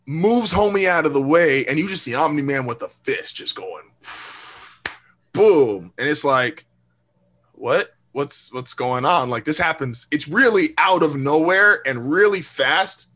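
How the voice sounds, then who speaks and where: Casual male podcast co-host, slightly high, bright tone, swears freely and acts out quotes. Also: a little slow. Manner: animated, profane storytelling with quoted voices. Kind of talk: casual chat.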